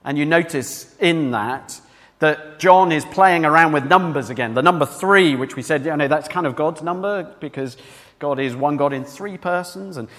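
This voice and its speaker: A man preaches a sermon in a church, speaking conversationally and putting questions to the congregation. His voice is a little high and fairly bright, at normal speed, with a long reverb tail.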